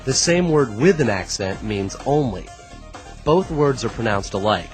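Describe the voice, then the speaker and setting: A man's voice: medium pitch, lively intonation, measured pace, soft background music. A man reading scripted instructional narration in a plain, explanatory way.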